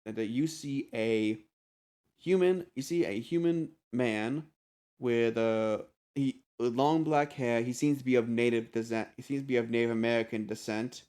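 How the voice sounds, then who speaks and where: Halting male game master. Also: mid-range voice, a little mellow, clear, resonant tone. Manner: halting, many restarts and fillers. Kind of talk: narrating a tabletop game.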